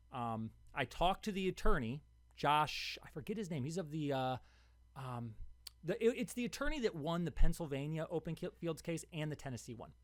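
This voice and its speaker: A young man hosts his own podcast and tells the story in a loose, unscripted monologue. He gets heated and circles back, repeating words as he pushes his point. His voice sits at a middling pitch, and the recording is dry and close. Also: dry recording. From Ohio. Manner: heated, repetitive, restarts words when worked up. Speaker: podcast host.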